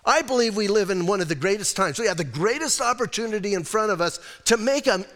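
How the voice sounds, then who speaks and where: A man preaching a sermon as a pastor, animated and conversational, with many rhetorical questions to his congregation. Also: sits high, quick pace, big-room sound.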